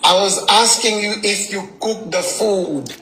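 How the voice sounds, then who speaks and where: High-voiced teasing man caller. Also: a little slow, sharp tone. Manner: teasing, persistent questioning. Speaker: livestream caller. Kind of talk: casual livestream chat.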